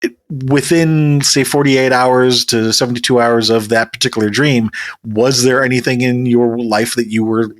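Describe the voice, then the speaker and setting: A man's voice: mid-range voice, steady tone, normal speed. Thoughtful male podcast host. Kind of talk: probing interview questions.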